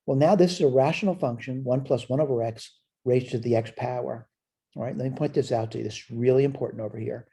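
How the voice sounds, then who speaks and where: A man's voice: mid-range voice, quick pace, gravelly, dark tone, breathy edge. A man teaching a recorded college math lecture. He asks questions and answers them himself, and he repeats short phrases as he points things out on the board.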